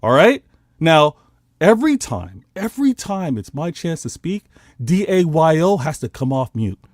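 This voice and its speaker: This is a man with a high voice that swings widely up and down as he argues his football point. He talks over the others in a heated, animated debate. The sound is dry and close, with no room around it. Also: measured pace, no room sound. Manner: animated, argumentative, pleads for his turn to speak. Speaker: football podcast panelist.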